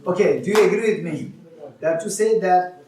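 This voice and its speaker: A man teaches a retreat group, his voice sitting a little higher than most men's. He keeps asking if they agree and repeats his points patiently. The sound comes from a distance in a strongly echoing hall. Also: moderate pace, crowd noise. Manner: questioning, repeats himself, laughs with students. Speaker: Buddhist teacher. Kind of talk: dharma teaching with questions to students. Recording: echoey hall, voice off-mic.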